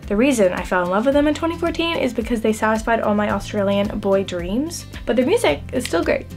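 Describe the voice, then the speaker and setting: A woman's voice: fairly high pitch, lively intonation, brisk, darkish tone, faint music behind. A young adult woman chatting through a makeup routine, self-deprecating and filling her talk with "like". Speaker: beauty vlogger. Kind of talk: casual makeup tutorial chat.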